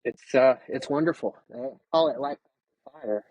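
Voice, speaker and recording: A man in his fifties, a retired firefighter, speaking candidly and emotionally in an interview, with halting pauses and restarts over a video call. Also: mid-range voice, darkish tone, lo-fi sound.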